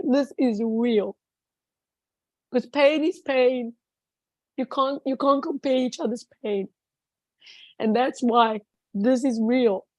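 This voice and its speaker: A woman's voice: on the high side, a little mellow, dry recording. A woman guest speaking earnestly and emphatically in a conversation, repeating words for stress as she shares a personal testimony.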